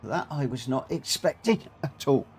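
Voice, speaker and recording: This racing-game streamer has a mid-range voice at normal speed, with background noise in the recording. Coughing has worn his voice down and he is short of breath, but he keeps chatting casually, greeting viewers and joking at his own expense.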